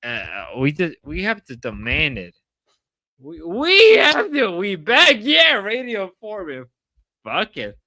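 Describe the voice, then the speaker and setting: A man's voice: sits high, wildly swooping pitch, takes it slowly, bright, forceful tone, dry recording. A drunk man livestreaming in casual chat, rowdy and rambling, whooping between lines.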